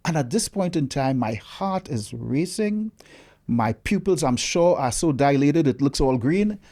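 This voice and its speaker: A man, a guest researcher telling a story in a casual interview with lively, dramatic delivery. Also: on the high side, a little slow.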